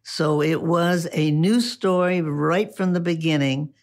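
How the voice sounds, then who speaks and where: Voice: mid-range voice, measured pace. A person recalling their past in an archival interview clip, in a reflective way. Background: faint guitar music.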